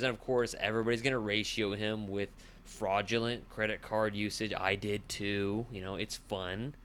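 A man hosting a casual sports talk show, opinionated and exasperated, climbing high in pitch when he gets heated. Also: steady tone, moderate pace, few pauses, a bit bright, a little hiss or hum.

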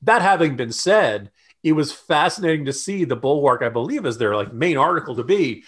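A man co-hosting a political podcast, talking loosely and mockingly, jumping up in pitch to mimic the views he scoffs at. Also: lively intonation, fairly quick, a bit bright. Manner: sarcastic, mocking quotes in a raised voice; loose and conversational with restarts. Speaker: podcast co-host.

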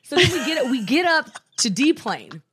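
A woman co-hosting a casual chat podcast from a hotel room. She tells an animated story and acts out the people in it. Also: high-pitched, moderate pace. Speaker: podcast co-host.

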